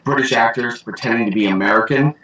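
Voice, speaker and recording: A man's voice: mid-range voice, fast talker, muffled recording, crowd noise. A man hosting a casual podcast chat, rambling with many fillers and restarts. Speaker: podcast host.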